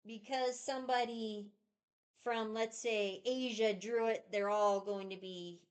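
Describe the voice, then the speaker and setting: A woman's voice: on the high side, fairly even intonation, unhurried. A woman co-hosting a casual board game review, chiming in with agreement and hesitant fillers. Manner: chatty, supportive, hesitant fillers.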